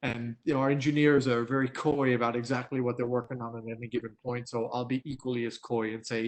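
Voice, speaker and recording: A man's voice: mid-range voice, little pitch movement, quick pace, few pauses. A man presenting a live online training, candid and storytelling, laughing at his own anecdotes over a video call mic. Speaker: product expert presenter.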